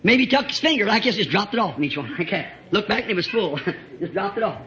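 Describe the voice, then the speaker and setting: Brief: high, bright-toned male preacher, fervent and shouting at peaks, heard on a muffled old tape. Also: very animated, quick pace. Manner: fervent, rising to shouts, chuckling between phrases. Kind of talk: revival sermon.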